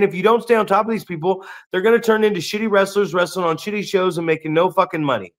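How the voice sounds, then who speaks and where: Blunt, profane man in animated chat. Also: sits high, fast talker, hardly any pauses. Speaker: podcast co-host and wrestling coach. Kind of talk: casual chat.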